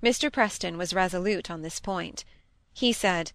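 Woman narrating an audiobook, measured. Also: fairly low pitch, fairly bright tone, no echo.

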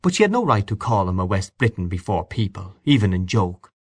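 An audiobook narrator, a man with a lowish voice, gives a measured, expressive scripted reading of a classic story. The recording is clean studio sound with no room sound.

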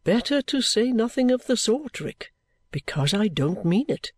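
Man reading as a gentle old guardian, earnest and fatherly, high for a man, dry close sound. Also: sing-song, dry recording, exaggerated voice. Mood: cordial. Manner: cordial, measured, fatherly. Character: kindly older male guardian, gentle and earnest. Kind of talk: audiobook reading of a classic novel.

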